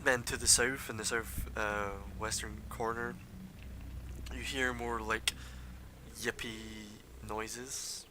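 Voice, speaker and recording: A man's voice: level tone, slow pace. A man narrating an online tabletop game as game master, casual and full of fillers. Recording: noisy low-quality stream recording.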